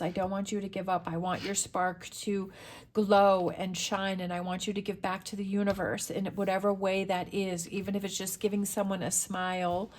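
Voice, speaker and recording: A woman's voice: medium pitch, a little mellow. A middle-aged woman reading tarot to camera, talking in an earnest, motivational way and repeating her phrases for emphasis. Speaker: tarot reader.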